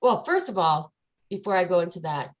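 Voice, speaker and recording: A woman with a fairly low voice chats casually with a friend. She tells a personal story with animation and acts out the dialogue as she goes. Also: sing-song, brisk, rough recording.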